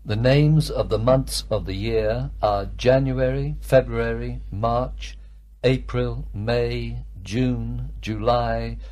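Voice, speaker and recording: Slow man reciting drill answers. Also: mid-range voice, fairly even intonation, a little mellow. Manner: measured, full-sentence replies.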